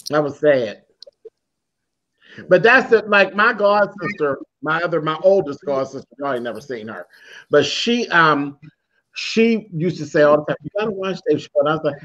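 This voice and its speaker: A man's voice: on the high side, animated, normal speed, fairly bright tone, highs cut off. A man hosting a casual chat, sassy and drawling, full of endearments. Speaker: host of an online chat.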